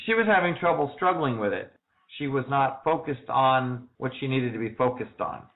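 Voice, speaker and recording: A man answering interview questions, telling stories briskly and acting out the quoted dialogue. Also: medium pitch, expressive. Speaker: interview guest. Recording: tinny phone-like audio.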